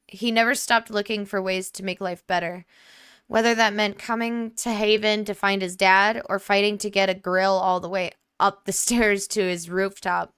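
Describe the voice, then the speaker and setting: A grieving young woman says goodbye to her brother, soft and earnest, as a gamer reads her lines. The voice is bright and smooth, with no room sound. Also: medium pitch, no echo, studio quality, lightly acted.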